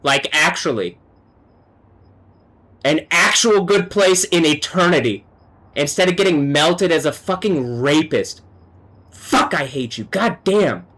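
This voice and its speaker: A man delivers a live-stream monologue in a bright, forward tone that sits a little high for a man. His agitated, profane rant slides between low muttering and raised yelling. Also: animated, slow pace, pauses often. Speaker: livestreamer.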